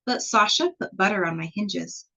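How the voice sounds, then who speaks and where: A woman voicing a grateful talking gate in a storybook, speaking softly and plainly. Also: mid-range voice, normal speed, creaky.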